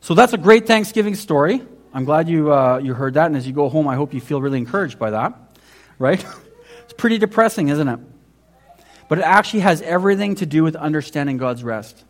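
A man preaching a sermon, telling the story in a conversational way, asking the congregation questions and swinging between loud emphasis and hushed asides. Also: a little high, animated, brisk. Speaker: pastor.

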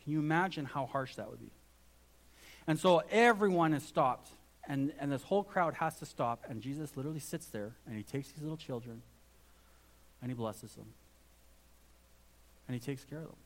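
A man's voice: on the high side, animated, normal speed, long pauses. Earnest man preaching a sermon. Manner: earnest, emphatic preaching with restarts. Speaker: pastor.

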